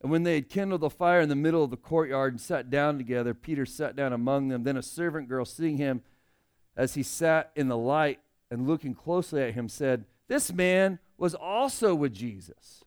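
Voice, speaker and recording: A young male pastor preaching a sermon in an earnest, conversational way, rising loud on emotional points. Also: fairly high pitch, normal speed, smooth.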